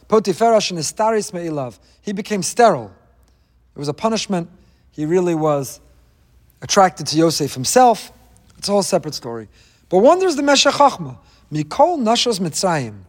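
A man's voice: high-pitched, big-room sound. A man teaching a weekly Torah class, with wry asides and jokes.

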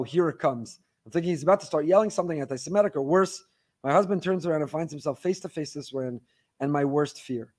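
Male class teacher, slightly higher voice, reads listener emails aloud, lively storytelling, dry little asides. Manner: animated storytelling with wry asides.

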